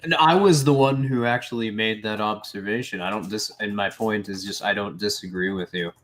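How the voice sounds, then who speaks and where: An emphatic man talking through political commentary on a stream, his voice bright and forceful. He restarts phrases as he pushes his points, and his pitch sits on the lower side. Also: a little fast. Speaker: co-host.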